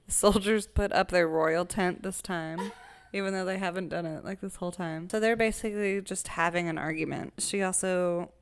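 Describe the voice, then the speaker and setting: A woman's voice: on the low side, fairly even intonation, normal speed, a little hiss or hum. A woman co-hosting a casual book club podcast, chatty and recapping chapters, acting out characters' lines along the way. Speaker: podcast co-host.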